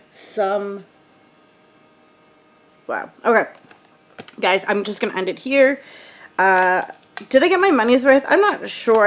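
Woman, beauty vlogger, rambling, casual, mid-pitched, faint hiss behind. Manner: rambling, thinks aloud, many ums. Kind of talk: casual unboxing chat.

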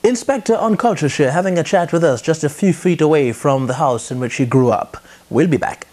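A man hosting a TV culture show, asking interview questions in measured, formal phrasing. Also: fairly high pitch, darkish tone.

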